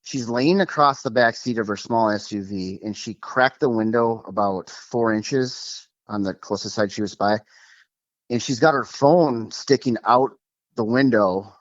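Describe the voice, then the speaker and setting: A man from Minnesota telling a story as a guest, animated and quick, with many fillers. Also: lowish voice, no room sound, lo-fi sound. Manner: animated, fast, lots of fillers like "like" and "um". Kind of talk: casual storytelling over a call.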